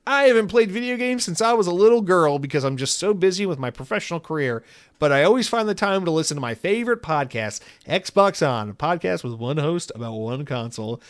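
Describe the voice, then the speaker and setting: A man's voice: on the high side, expressive, a little fast, pitched above the performer's own voice, close to an everyday voice. A man voicing a flustered woman pop star who gushes and then panics with squeals. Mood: gushing.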